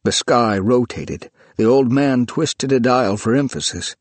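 A man reading a story in measured, descriptive scripted narration. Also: medium pitch, no echo.

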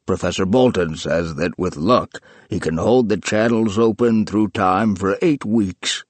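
A man's voice: sits low, measured pace, no echo. A man voicing an earnest elderly man who coaxes and pleads. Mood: pleading. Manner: urgent, coaxing, pleading.

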